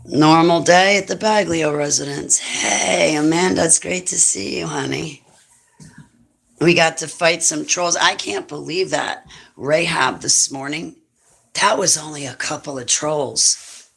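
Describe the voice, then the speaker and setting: Gravelly low-voiced woman chatting to viewers. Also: measured pace, fairly bright tone. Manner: rambling, blunt and opinionated, chuckling often. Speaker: livestream host. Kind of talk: casual livestream chat to viewers.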